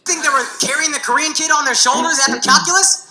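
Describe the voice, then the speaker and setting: A man's voice: extremely high pitch, fast talker. A man from the United States doing a stand-up comedy set, brash and profane, with mocking punchlines to a laughing club audience. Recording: loud noisy stand-up special audio.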